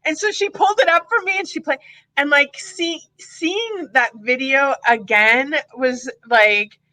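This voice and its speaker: A woman's voice: high voice, measured pace, sharp tone, dry recording. A woman co-hosting a casual podcast, talking reflectively with many fillers and restarts. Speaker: podcast co-host.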